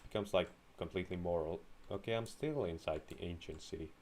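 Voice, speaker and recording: A man's voice: sits low, fairly quick, darkish tone, slight background noise. A man streaming a game, rambling sarcastically in a mock-pompous put-on voice, close to his microphone. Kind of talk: casual gaming commentary. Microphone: close desk microphone.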